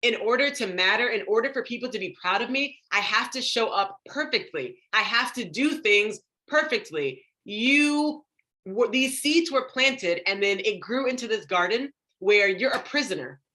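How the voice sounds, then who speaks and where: A young adult woman giving a live motivational talk on confidence to an online audience, acting out inner voices with big jumps up in pitch and dropping soft on heavy words. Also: animated, moderate pace, few pauses. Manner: drops soft and low on emotional words. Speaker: confidence coach.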